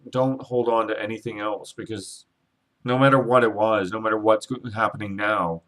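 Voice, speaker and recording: A man's voice: fairly low pitch, fairly bright tone. A man talking in an earnest, rambling spiritual vlog, emotional and holding back tears, with swearing and frequent restarts. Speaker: Reiki practitioner and psychic vlogger.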